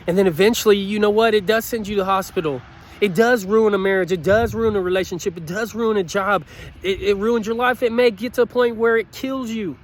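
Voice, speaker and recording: His voice sits high and he talks fairly quickly. The man, a motivational speaker, makes an earnest, pleading appeal, repeating his points while choked up with feeling.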